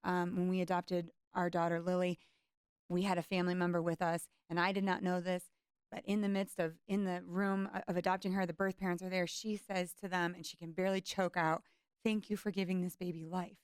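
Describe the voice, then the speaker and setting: Passionate woman host, low smooth voice. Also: flat delivery, fairly quick, no room sound, clean studio sound. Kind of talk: heartfelt interview talk.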